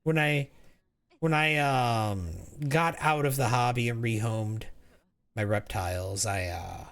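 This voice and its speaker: A man's voice: mid-range voice, slow pace, a bit bright. A man streaming a game, chatting casually in a rambling way, reading chat aloud and often restarting his sentences.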